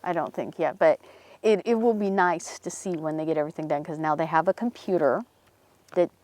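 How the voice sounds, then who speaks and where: Out in a cemetery, a woman from a paranormal team casually recounts a local story, full of animation and voicing the quoted people at a higher pitch. She speaks briskly, and the recording is dry.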